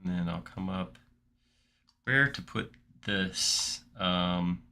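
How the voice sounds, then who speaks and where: Low-voiced, bright, chatty male tutorial host. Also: slow pace, a little hiss or hum. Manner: chatty, thinks aloud with restarts while clicking. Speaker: livestream host modeling in software. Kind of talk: casual live tutorial chat.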